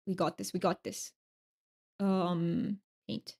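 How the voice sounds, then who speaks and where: A woman's voice: fairly low pitch, steady tone, slow pace, gravelly, a little mellow. A woman live streamer chatting casually with viewers while she draws, scattered and self-interrupting, often repeating her words.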